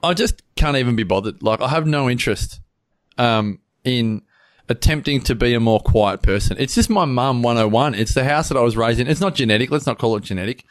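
A man co-hosting a podcast, talking loudly and animatedly in a casual chat. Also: mid-range voice, brisk. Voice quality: loud, animated talker. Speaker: podcast co-host.

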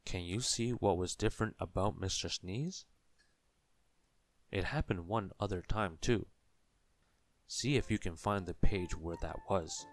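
Low, slow male storyteller. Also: dry recording. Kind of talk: children's story read-aloud.

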